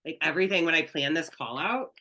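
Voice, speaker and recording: Bright-voiced woman spiritual coach. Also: low-pitched, quick pace. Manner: earnest, conversational, candid. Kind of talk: online coaching class.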